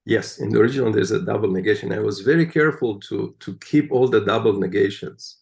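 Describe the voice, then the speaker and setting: A man's voice: fairly low pitch, fast talker, creaky. Emphatic man explaining translation choices. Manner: animated, emphatic explainer with frequent "right?". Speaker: guest, translator of the Psalms. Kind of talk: conversational interview.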